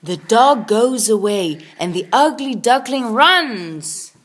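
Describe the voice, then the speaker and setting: A woman narrating a children's story in slow, simple, expressive sentences for young learners. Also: on the high side.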